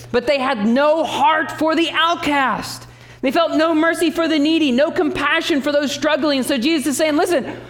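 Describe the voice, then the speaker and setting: A male pastor preaching a sermon, emphatic and animated, breaking off into teaching asides. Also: extremely high pitch.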